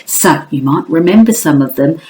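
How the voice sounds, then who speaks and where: A woman teaching a phonics lesson to young children, sounding out each phoneme slowly and encouraging children and parents to join in. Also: deep voice, lively intonation, dark tone, a little hiss or hum. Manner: slow, clear, sounding out phonemes with sing-song emphasis.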